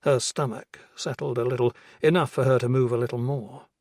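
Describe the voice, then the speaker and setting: Husky male audiobook narrator. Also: mid-range voice, fairly even intonation, brisk, a little mellow, no echo. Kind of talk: scripted narration.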